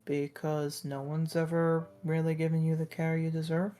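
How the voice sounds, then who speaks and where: Soft-spoken caring dragon, voiced by a woman. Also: deep voice, level tone, faint music behind, pitched below the performer's own voice, natural voice. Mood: gentle. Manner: soft, slow, consoling.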